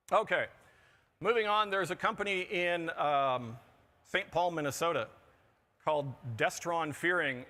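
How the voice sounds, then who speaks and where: A man with a bright, forceful voice pitched a little high, presenting at a conference. He delivers his talk with dry, joking asides. He sounds middle-aged. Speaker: conference speaker. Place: conference pavilion on a show floor.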